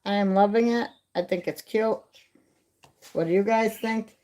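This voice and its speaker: Her mid-range, mellow voice moves a little slowly with fairly even intonation. She's a middle-aged livestream host chatting casually from her bedroom window at home, phone in hand, laughing at her own stories.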